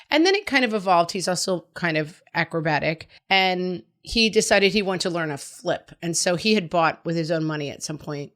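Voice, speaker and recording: A woman's voice: lowish voice, lively intonation, moderate pace, few pauses, fairly bright tone. Frank, chatty woman podcast host. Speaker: podcast host giving parenting advice. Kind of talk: casual advice monologue.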